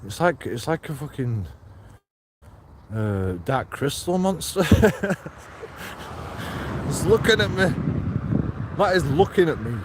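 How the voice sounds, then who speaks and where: A blunt man rambles and swears his way through a walking vlog, his voice sitting a little high for a man. He talks into a handheld phone outdoors, and the street noise comes through clearly behind him. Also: animated, slow pace, long pauses. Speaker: streamer. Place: outdoors on a walk.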